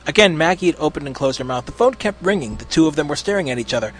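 A man narrating a story in an expressive reading. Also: fairly high pitch, very fast, faint music behind. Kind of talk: storybook reading of fan fiction.

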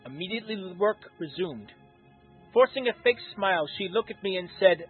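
Husky man reading a story, phone-thin sound. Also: high voice, very animated, fairly quick. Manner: plain, unpolished reading with slips. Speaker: story reader. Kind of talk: reading a fan story aloud. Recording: tinny phone-like recording with faint music.

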